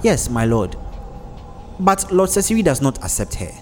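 A man voicing a defiant teenage girl who dabbles in dark sorcery, in a storybook reading. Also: medium pitch, big pitch swings, normal speed, soft background music, voice pushed up, lightly acted. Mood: pleading.

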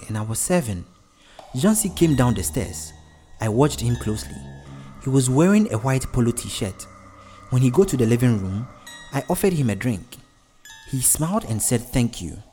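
A man's voice: medium pitch, very animated, moderate pace, dark tone, soft background music, close to an everyday voice. A man voicing an earnest, devout wife who talks insistently to her husband.

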